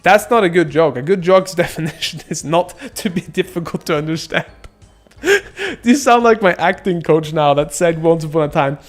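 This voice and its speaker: Joking young streamer, fairly high voice. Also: male voice, normal speed. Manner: joking, rambling, laughs often, silly sound effects. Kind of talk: casual gameplay commentary, reading chat. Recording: faint music behind.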